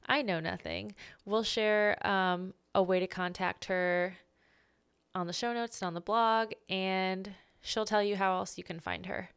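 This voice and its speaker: A woman's voice: mid-range voice, steady tone, unhurried, gravelly, fairly bright tone, smooth, no echo, studio quality. A woman hosting a podcast, tired and yawning late at night, chatting in a friendly, self-deprecating way. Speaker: podcast host. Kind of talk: casual podcast chat.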